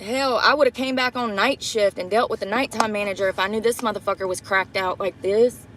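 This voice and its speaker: A woman's voice: mid-range voice, steady tone, brisk, a bit bright, a little hiss or hum. A young woman telling a blunt, profanity-laced story while doing her makeup in a parked truck, recorded on a phone camera. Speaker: vlogger livestreaming a get-ready-with-me.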